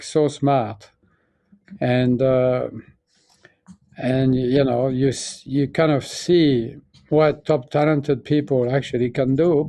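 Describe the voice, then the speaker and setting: A man's voice: mid-range voice, dark tone, dry recording. French-accented man with a dry voice. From France. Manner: reflective, halting with frequent restarts and fillers. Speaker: guest, pharmaceutical chief executive. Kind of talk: conversational interview.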